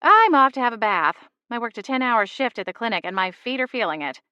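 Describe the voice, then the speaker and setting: A woman's voice: fairly high pitch, big pitch swings, a little fast, pushed and bright, smooth, dry recording, lo-fi sound, voice pushed up. A woman reading the part of a friendly, tired middle-aged mother who works as a nurse.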